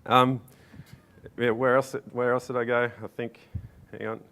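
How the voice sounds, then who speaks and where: An Australian man giving a casual, joking conference talk from a stage, relaxed and self-deprecating with lots of fillers. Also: mid-range voice, unhurried, clear, resonant tone. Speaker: conference speaker.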